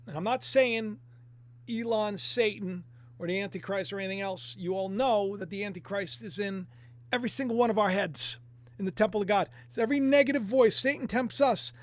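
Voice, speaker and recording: A man's voice: sits high, no echo. A man hosting an online video, giving rambling, casual religious commentary with lots of fillers and asides to his viewers. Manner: rambling, animated, talks to viewers with frequent fillers.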